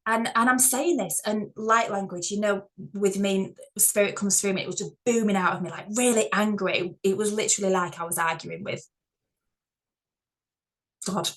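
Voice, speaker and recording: A woman telling a personal spiritual story in a casual, candid way, swearing freely and growing animated. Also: medium pitch, moderate pace, poor audio. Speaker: spiritual vlogger.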